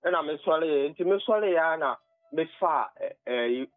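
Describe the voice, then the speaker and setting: A man's voice: fairly high pitch, expressive, a little slow, faint music behind. A man with a Ghanaian accent calling into a radio show and telling a personal story earnestly, stumbling and restarting. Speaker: caller. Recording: tinny phone line.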